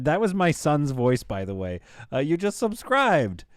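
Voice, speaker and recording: A man's voice: a little high, huge pitch swings, a little slow, dry recording, studio quality. A man in his thirties chatting casually on a live stream, tired from staying up all night, joking and rambling to his viewers. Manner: joking, rambling, talks to chat.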